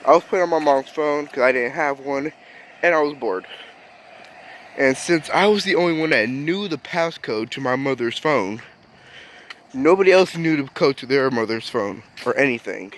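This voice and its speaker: A young man vlogging, telling a childhood story in a casual, animated way and acting out what people said. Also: medium pitch, moderate pace, a little hiss or hum. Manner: animated, acts out quoted voices.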